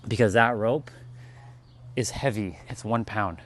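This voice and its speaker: A man's voice: on the low side, a little slow, fairly bright tone. A man talking loosely in a casual vlog, meandering with many fillers, outdoors on a hot day. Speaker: spiritual vlogger.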